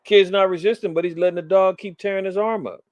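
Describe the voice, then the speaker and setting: A man's voice: high-pitched, fairly even intonation, quick pace, no room sound, highs cut off. A middle-aged man from Los Angeles hosting a religious commentary show, indignant and preacherly as he comments on the news and reads scripture with emphasis.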